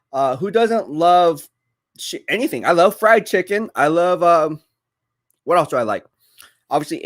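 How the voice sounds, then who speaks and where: A young man chatting casually on a live stream while eating, rambling and reading viewer comments aloud. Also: a little high.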